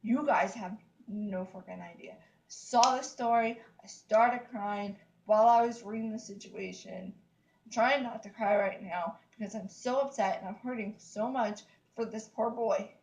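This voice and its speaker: A vlogger in her 30s vents in an upset, casual rant to camera, repeating herself emphatically with frequent "like, seriously." She speaks at a measured pace in a medium-pitched, slightly mellow voice on a muffled recording.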